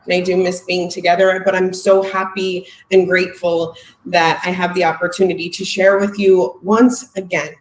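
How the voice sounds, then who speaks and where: A woman's voice: fairly low pitch, level tone, normal speed, roomy sound, a little hiss or hum, low-quality recording. A woman, a company marketing executive, giving a heartfelt, emotional live presentation on a video call, close to tears.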